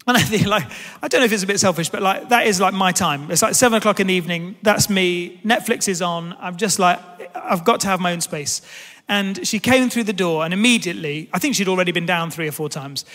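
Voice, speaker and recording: A man in his thirties delivers a sermon in a big church, his voice pitched high for a man. He tells family stories in an animated, self-deprecating way. The sound carries a long reverb from the large hall. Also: brisk. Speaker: pastor. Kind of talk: sermon with personal storytelling.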